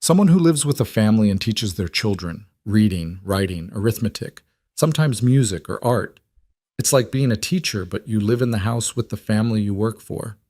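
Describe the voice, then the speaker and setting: A man voicing a wary young woman drifter in a storybook reading, speaking carefully and slowly. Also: fairly low pitch, lively intonation, darkish tone, no room sound, clean studio sound. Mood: guarded. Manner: careful, measured.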